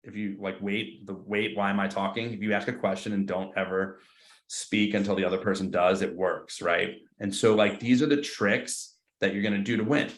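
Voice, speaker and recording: This trainer for a real estate team has a fairly low voice, fairly even intonation, and a normal speaking speed. He coaches a group live in an echoey meeting room, using slang and role-playing both ends of phone conversations.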